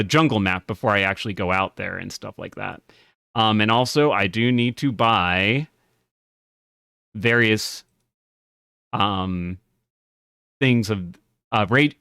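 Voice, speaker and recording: A man's voice: fairly low pitch, fairly bright tone, no room sound, studio quality. A man giving casual gameplay commentary, chatty and often laughing, reading game text aloud as he plays. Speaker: game streamer.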